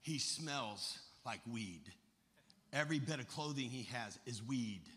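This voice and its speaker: A man's voice: mid-range voice, expressive, unhurried. Impassioned male preacher in a large hall. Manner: impassioned preaching, shouting at climaxes. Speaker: pastor. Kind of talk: sermon. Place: large church. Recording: echoey church hall.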